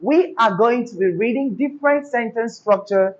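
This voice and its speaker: A woman's voice: fairly high pitch, lo-fi sound. Woman teacher prompting a class. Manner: call-and-response prompting, deliberate. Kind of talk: classroom diction lesson.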